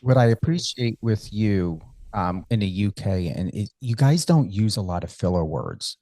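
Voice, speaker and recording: A man's voice: on the low side, animated, normal speed, dark tone, no echo, clean studio sound. An American man hosting a radio interview, chatty and enthusiastic as he asks questions. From United States. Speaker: radio host.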